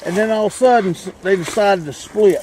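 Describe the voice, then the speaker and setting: A man's voice: sits high, brisk, darkish tone. A man, talking bluntly and profanely during a night outing in the woods. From southeastern United States. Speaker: landowner and coon hunter on a night investigation. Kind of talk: casual outdoor chat. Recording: noisy outdoor night recording.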